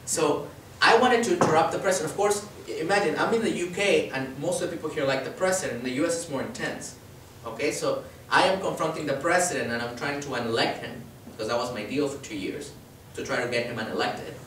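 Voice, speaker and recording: A man giving a public talk as an activist, telling a story with lively quotes and a frequent "right?". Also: fairly high pitch, fast, hardly any pauses, slight background noise. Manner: animated storyteller, acts out quotes, tag question "right?". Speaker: activist speaker. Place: lecture hall. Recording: echoey hall, speaker far from mic.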